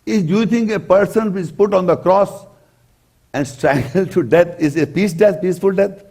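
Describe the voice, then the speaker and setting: A man preaching, giving a religious lecture that explains scripture deliberately and emphatically, repeating his key points. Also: sits high, a little mellow. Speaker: Islamic preacher.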